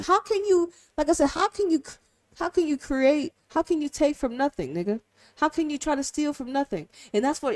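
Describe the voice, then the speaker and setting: A woman streamer in casual, profane commentary who fires off rhetorical questions and swings from loud to hushed. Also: high voice.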